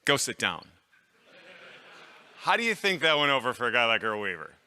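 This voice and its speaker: A man's voice: mid-range voice, sing-song, rapid-fire, sharp tone, clear, resonant tone, long reverb tail. A middle-aged man giving a live talk to an audience of clergy, conversational and anecdotal, with fillers and restarts. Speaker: conference speaker.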